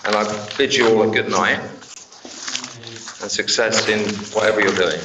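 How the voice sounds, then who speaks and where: A man, a town councillor, giving an earnest and halting speech at a council meeting, then answering a challenge defensively. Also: on the low side, fairly even intonation, background noise. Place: town hall council chamber. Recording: very echoey room, distant mic.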